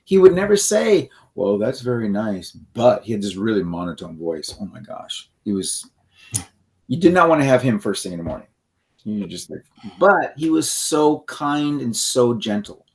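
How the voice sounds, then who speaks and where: A man's voice: mid-range voice, big pitch swings, moderate pace, vocal fry. Man co-hosting a self-help podcast. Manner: rambling, restarts, acts out example phrases. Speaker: podcast co-host. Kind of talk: conversational teaching.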